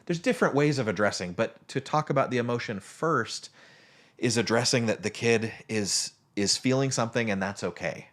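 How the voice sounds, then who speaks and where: A man's voice: medium pitch, moderate pace, a bit bright. A man co-hosting a podcast, explaining ideas thoughtfully in casual chat and using everyday examples. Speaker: podcast co-host.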